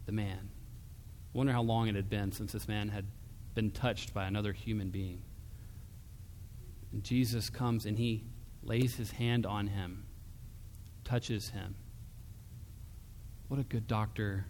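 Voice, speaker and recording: A man preaching a sermon in an earnest, emphatic way, dropping soft and low when he quotes. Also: a little slow, long pauses, in a large hall, a little hiss or hum.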